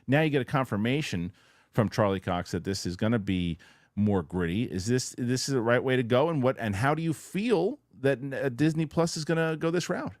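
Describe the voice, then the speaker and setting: A man hosting a casual news-reaction chat show, talking in a rambling, animated way with loose restarts. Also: medium pitch, fairly quick, no echo, clean studio sound. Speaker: show host.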